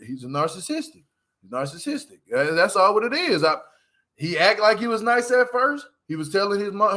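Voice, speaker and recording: A man hosting a casual reality TV recap vlog, talking in slang with animated energy and frequent laughter. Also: sits high.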